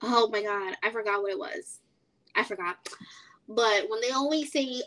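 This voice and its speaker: A young woman co-hosting a podcast, chatting casually and acting out quotes in animated stories. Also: fairly high pitch, moderate pace. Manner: animated storytelling, acts out quotes. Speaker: podcast co-host. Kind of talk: casual chat.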